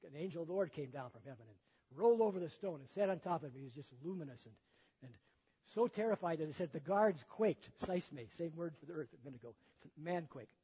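Talking fast in an expressive, mellow, slightly rough voice on the high side, an older preacher retells a Bible story folksily and conversationally, frequently chuckling at what he says. The sound is dull and lo-fi, with echo from a large hall.

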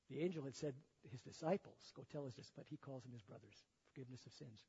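A man's voice: medium pitch, fast, creaky, few pauses, mellow, breathy edge. An older man preaching a sermon and retelling a Bible story in a folksy, conversational way, often chuckling at his own remarks. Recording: echoey hall, dull lo-fi sound.

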